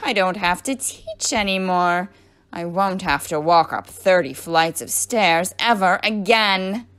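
A woman reading aloud, voicing a mean, magic-wielding female teacher who shrieks and shouts. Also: lively intonation, slow pace, smooth. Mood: gleeful. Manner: shrill, shouting.

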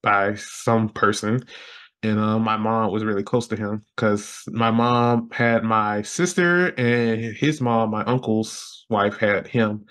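Man retelling a story, rambling and animated. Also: takes it slowly. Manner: animated, jumps high when quoting others; loose, rambling with fillers. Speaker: podcast guest. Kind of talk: casual interview storytelling.

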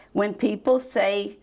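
An older woman reading a children's book aloud in a slow, tender way. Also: medium pitch, warm tone, a little hiss or hum. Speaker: storytime reader.

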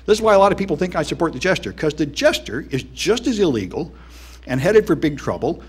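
A man's voice: on the high side, big pitch swings, fast, husky. A man giving a conference talk in a wry, dismissive, conversational way, with plenty of "um"s and "anyway"s. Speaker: conference speaker. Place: conference hall.

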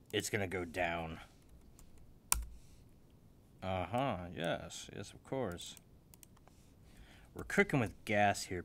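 A young man making a beat in his office, joking at himself, loud one moment and mumbling the next, still waking up. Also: deep voice, slight background noise. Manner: joking, self-mocking, swings between loud and mumbled. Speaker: music producer. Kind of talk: casual talk while making a beat. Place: home office.

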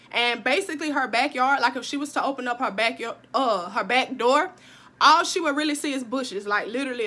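A young woman with a high, bright, ringing voice tells a story in a casual vlog. She is animated and swears freely, and she keeps talking straight to her viewers. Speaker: vlogger.

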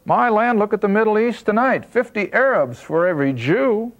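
A man leads a Bible study lesson in a fairly high voice, leaning hard on key words and slowing to drive points home. The recording sounds dull and lo-fi, like an older broadcast. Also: lively intonation. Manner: emphatic, slows down to stress key points. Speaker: Bible teacher.

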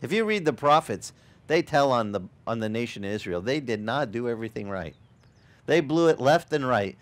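A man preaching a sermon as pastor, animated and acting out the voices of the people he quotes. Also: mid-range voice, normal speed. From Sicilian family background. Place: outdoor beach service.

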